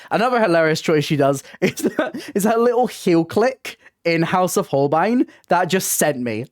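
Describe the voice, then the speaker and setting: A woman hosting a casual review vlog as a theatre reviewer, gushing and excitable, often tripping over her words. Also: low-pitched, dry recording, clean studio sound. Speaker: theatre reviewer and channel host.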